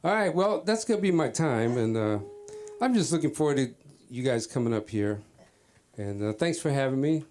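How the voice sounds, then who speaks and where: A man's voice: mid-range voice, animated, normal speed, a little mellow. A man doing a stand-up comedy set at an open mic, telling a story and acting out the voices of the people in it. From Cape Verde. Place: comedy club stage.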